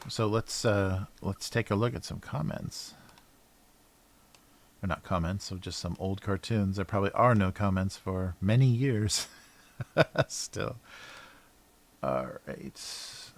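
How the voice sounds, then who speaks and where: Low-voiced man chatting while drawing. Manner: mumbling to himself, trailing off, soft laughs. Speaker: cartoonist livestreamer. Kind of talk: casual chat while drawing.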